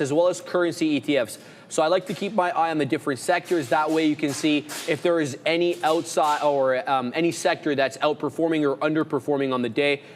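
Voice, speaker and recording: Laid-back male trader, reverberant room. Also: on the high side. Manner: relaxed, rambling lists with filler words. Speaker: trader and co-host. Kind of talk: casual live market chat.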